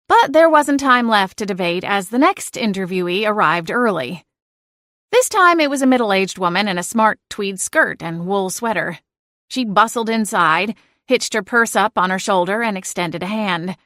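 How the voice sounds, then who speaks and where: A woman narrating a cozy audiobook in the first person, lively and expressive. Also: medium pitch, moderate pace, dry recording, clean studio sound.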